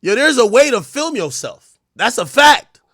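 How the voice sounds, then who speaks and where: A man streaming live, telling crude stories in a casual way, acting out the dialogue and breaking into loud shouts. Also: extremely high pitch, unhurried, no echo, studio quality. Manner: animated, crude storytelling that acts out dialogue. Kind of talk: casual livestream commentary.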